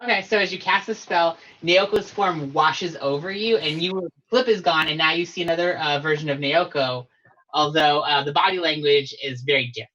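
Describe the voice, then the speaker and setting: Easygoing gm describing scenes, bright forceful voice, slightly muffled audio. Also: medium pitch, moderate pace. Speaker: game master. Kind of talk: narrating a tabletop game.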